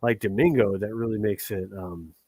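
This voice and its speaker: A man's voice: on the low side, normal speed, dark tone, no echo. A man hosting a livestream, ranting in a heated, profane and rambling way. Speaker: livestream host.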